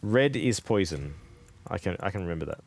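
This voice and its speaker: Excitable, lively streamer man. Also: low voice, brisk. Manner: excitable, laughs and swears often. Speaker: streamer playing a game. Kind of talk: live game stream chat.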